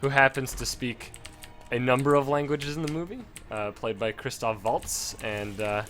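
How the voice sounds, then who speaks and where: A man's voice: mid-range voice, moderate pace, fairly bright tone, soft background music. A young man chatting casually while he plays a game, rambling with lots of fillers and restarts, close to a desk mic. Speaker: gaming streamer. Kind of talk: casual commentary while playing.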